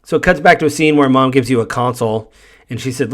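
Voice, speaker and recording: A man hosts a podcast and talks through a game's story in a relaxed, rambling recap. He fills gaps with ums and loosely paraphrases what the characters say. His voice sits at an ordinary middle pitch for a man. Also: a little fast. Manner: rambling, lots of fillers and paraphrased quotes. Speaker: podcast host. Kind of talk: casual spoiler recap.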